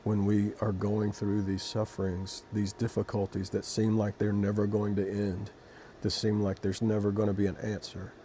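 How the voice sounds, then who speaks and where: A man reading scripture and then reflecting on it in an emotional, halting way, with many restarts. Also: lowish voice, monotone, dark tone, slight background noise. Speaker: Christian devotional video host.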